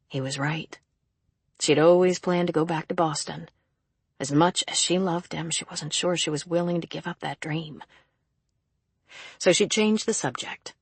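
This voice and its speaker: An audiobook narrator reading a thriller in a measured, even storytelling manner. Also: medium pitch, creaky, slightly rough, no echo. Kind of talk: scripted narration.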